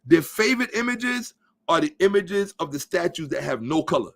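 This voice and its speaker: A man's voice: on the high side, very animated, moderate pace, vocal fry, a bit bright. A man hosting a podcast, giving a blunt, profane, emphatic commentary monologue and lecturing his listeners. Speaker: podcast host. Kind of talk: ranting social commentary monologue.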